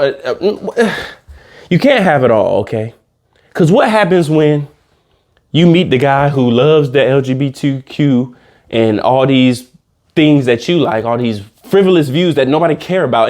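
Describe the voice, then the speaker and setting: Animated ranting man, lively pitch. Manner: animated, ranting, slangy and profane. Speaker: reaction commentator. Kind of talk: comedic reaction rant.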